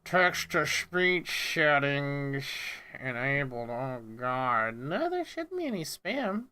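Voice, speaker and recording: A man streams prank phone calls from his desk setup, joking loosely with his viewers. His voice is bright and lively, leaping around in pitch. He talks at an unhurried pace and mutters to himself as he tinkers with settings. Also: smooth. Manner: jokey, mutters to himself while fiddling with settings. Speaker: livestreamer making prank calls. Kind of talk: casual livestream prank calls and chat.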